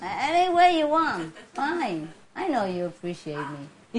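A woman's voice: a little high, very animated, measured pace, noisy background. Chuckling woman teaching in a spiritual Q&A. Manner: warm, chuckling, conversational, laughs often.

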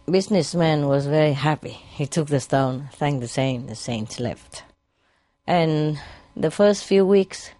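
A woman's voice: low-pitched, mellow, no echo. A woman spiritual teacher giving a lecture with parables to an audience, laughing often and teasing listeners with questions.

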